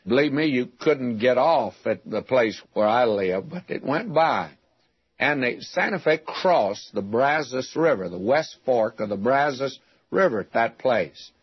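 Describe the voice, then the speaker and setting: A man's voice: mid-range voice, expressive, measured pace, husky, dry recording, lo-fi sound. An older man from West Texas preaching a radio sermon, teaching from the Bible in a folksy storytelling way with rhetorical questions.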